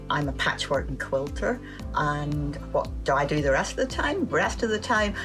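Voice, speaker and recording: A woman who owns a fabric shop and quilts, introducing herself in a friendly, conversational way. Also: low-pitched. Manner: friendly, conversational, self-questioning. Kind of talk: recorded self-introduction. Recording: music bed playing behind the voice.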